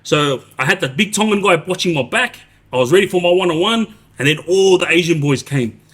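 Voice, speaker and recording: A man's voice: high-pitched, fairly quick, breathy edge. A man, telling stories on a live stream in a rambling way, full of restarts and "yeah?" checks. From Australia. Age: 40s. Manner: rambling, many restarts and tag questions like "yeah?". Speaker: livestreamer telling prison stories. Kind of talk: casual storytelling on a live stream.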